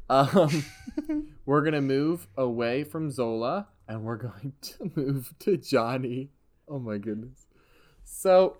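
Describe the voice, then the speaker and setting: Relaxed male game master, unhurried, mid-pitched narration. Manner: relaxed, conversational, with frequent laughs.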